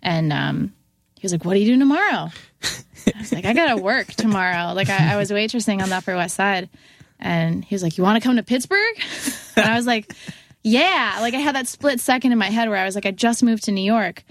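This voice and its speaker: On a podcast, a young woman musician shares a casual story in a mid-range voice at a fairly quick pace. Animated and full of "like" fillers, she acts out quoted lines in a raised voice; the studio sound is clean, with no room sound.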